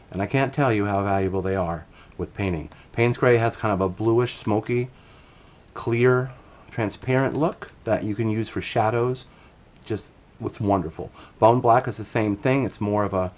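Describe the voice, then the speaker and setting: A middle-aged man giving a casual painting demonstration, relaxed and talking while he works, often trailing off mid-sentence. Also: fairly low pitch, poor audio. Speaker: painting instructor.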